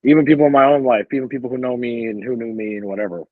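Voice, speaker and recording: A man's voice: medium pitch, fairly even intonation, rapid-fire, no echo. Casual profane man on a podcast, muffled sound. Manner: loose, profane, upbeat talk about positivity. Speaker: podcast co-host.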